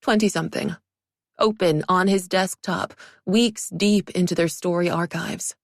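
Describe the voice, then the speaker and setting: Brief: woman narrator, wry and dry, low gravelly voice, close and dead-dry recording. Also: steady tone, measured pace, no echo. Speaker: audiobook narrator. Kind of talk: audiobook narration.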